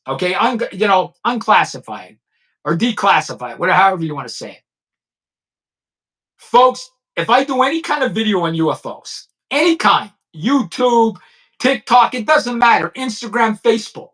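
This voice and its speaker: Profane, ranting man with lively pitch. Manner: blunt, profane, emphatic. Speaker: crime and news commentator, former police chief. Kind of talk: ranting commentary.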